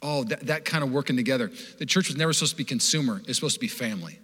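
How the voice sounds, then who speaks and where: A young man from Washington state preaching a sermon as pastor, animated and joking in a conversational way. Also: mid-range voice, racing. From Washington state, USA. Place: church hall. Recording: long hall reverb.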